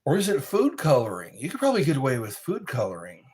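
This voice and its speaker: A man from the United States, a bit tipsy from wine, casually chatting on a live stream and reading viewer comments aloud in a slow, rambling way. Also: mid-range voice, wildly swooping pitch, darkish tone, breathy edge. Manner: slow, rambling, reads chat messages aloud.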